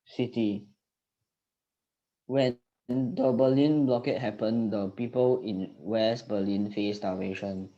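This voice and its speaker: A man's voice: lowish voice, steady tone, a little slow, warm tone, muffled recording. A male student reading history notes aloud on an online class call.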